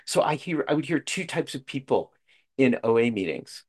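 A man's voice: mid-range voice, expressive, normal speed, darkish tone, breathy edge. A middle-aged man speaks frankly at a support meeting in a conversational way, full of fillers and asides. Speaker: speaker sharing at a recovery meeting. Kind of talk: personal share at a support meeting.

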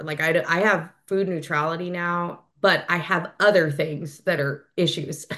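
A woman in her thirties giving a personal share at a recovery meeting, candid and halting, with many fillers and restarts. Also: fairly low pitch, a bit bright. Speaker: member sharing at a recovery meeting.

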